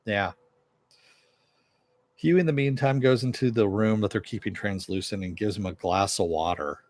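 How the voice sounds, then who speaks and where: A man's voice: fairly low pitch, normal speed, a little mellow. A man giving a casual recap of a TV episode, talking conversationally with frequent fillers. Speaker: TV show reviewer.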